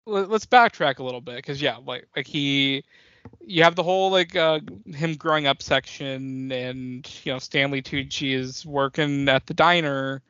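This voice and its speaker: A young man co-hosting a casual movie podcast, animated and rambling, swearing often and laughing a lot. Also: medium pitch, moderate pace, clear, resonant tone, no room sound, dull audio. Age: young adult. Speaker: podcast co-host.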